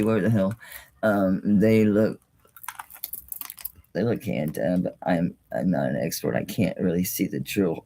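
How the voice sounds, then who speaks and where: Low-voiced chatty woman selling jewelry. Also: dark tone, slight background noise. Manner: chatty, exclaiming, mild swearing. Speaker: jewelry seller hosting a live sale. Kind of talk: casual live-stream sales talk.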